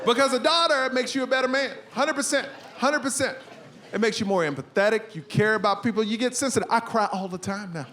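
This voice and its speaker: A man in his forties performing a stand-up comedy set, telling stories with loud, animated punchlines. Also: very high voice, fairly quick. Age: 40s. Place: stage before a live audience. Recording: live stand-up recording with audience noise.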